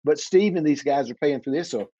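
Brief: male preacher, fervent, rapid, stumbling repeats, higher-pitched voice, dry and slightly dull lo-fi sound. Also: dark tone, slightly rough, no echo. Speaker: guest preacher. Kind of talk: excited preaching on a talk show.

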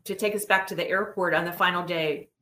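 Middle-aged woman, lowish voice, earnest storyteller, echoey room. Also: fairly quick. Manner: earnest, animated storyteller acting out quotes. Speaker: interview guest. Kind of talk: casual interview storytelling. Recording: roomy echo.

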